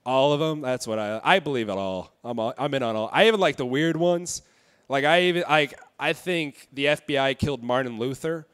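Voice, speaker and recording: A young man in his twenties doing a stand-up set in a comedy club, delivering dark jokes in a deadpan way with halting fillers. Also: mid-range voice, clean tone. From Indiana.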